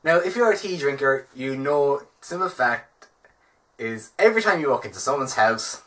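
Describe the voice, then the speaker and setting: A man's voice: medium pitch, animated, normal speed, fairly bright tone. A man with an Irish accent giving a wry, self-mocking comic vlog monologue. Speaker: vlogger.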